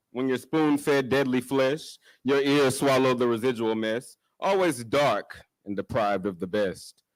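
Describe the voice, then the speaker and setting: A man's voice: fairly high pitch, no echo, poor audio. A man performing his first spoken-word poem at a live open mic, nervous and self-joking between lines, rhythmic and swelling as he reads. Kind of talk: spoken word poetry reading. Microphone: stage microphone.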